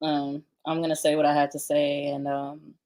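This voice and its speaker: Lower-pitched woman, cussing and sarcastic, reacting to a clip. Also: monotone, moderate pace, warm tone. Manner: blunt, profane, sarcastic. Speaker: commentary host. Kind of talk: reaction commentary.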